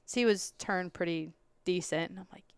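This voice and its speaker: A woman guest on a podcast, telling a story with lots of laughter and acting out her own quotes in loud, high bursts. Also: a little fast, smooth, no room sound. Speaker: podcast guest, law enforcement officer. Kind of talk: animated storytelling in casual chat.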